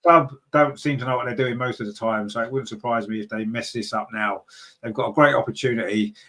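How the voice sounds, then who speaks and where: Chatty man hosting a fan podcast. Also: brisk. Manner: chatty and rambling, many fillers, excitable jumps in pitch. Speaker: podcast host. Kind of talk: casual chat, reading viewer comments.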